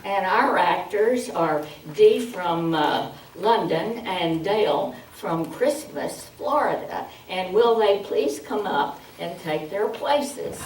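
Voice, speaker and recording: Lady running a public speaking workshop, talks slow with lots of uh, far from the mic, faint hiss. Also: mid-range voice, animated, a little mellow. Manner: slow, humorous, instructive, with many fillers. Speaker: workshop presenter. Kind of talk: public speaking training demo. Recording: distant mic in an echoey hall, faint hiss.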